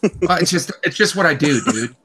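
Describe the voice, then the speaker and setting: Man, casual radio panel chat, exasperated, halting speech, bright tone. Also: a little high, expressive, slightly rough.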